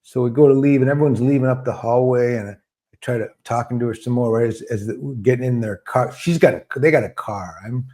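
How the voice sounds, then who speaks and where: An older man hosting a casual interview, telling relaxed anecdotes from his early career. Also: mid-range voice, quick pace. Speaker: host.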